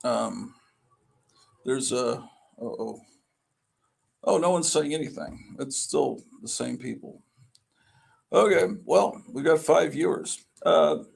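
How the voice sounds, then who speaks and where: Creaky, husky-voiced man rambling on a stream. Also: on the high side. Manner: meandering, wry, self-deprecating. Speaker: live stream host. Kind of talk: casual rambling live stream chat. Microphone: computer microphone.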